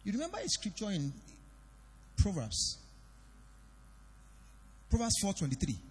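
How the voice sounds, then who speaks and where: A pastor preaching a sermon in a church hall, swinging between loud declarations and quiet confiding. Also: male voice, high voice, huge pitch swings, measured pace, husky. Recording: long reverb of a church hall.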